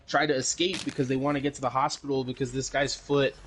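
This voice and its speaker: A man's voice: mid-range voice, flat delivery, quick pace, noisy background. Rambling, laughing man recapping a movie. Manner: rambling with many fillers, swearing and laughing. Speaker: podcast co-host. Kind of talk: casual chat, recapping a movie.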